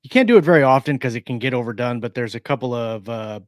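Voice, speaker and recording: A man's voice: mid-range voice, animated, quick pace, no echo, studio quality. A man co-hosting a writing stream, chatting casually about his writing in a loose, rambling way. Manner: chatty, loose, many fillers and restarts. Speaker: co-host of a writing sprint stream.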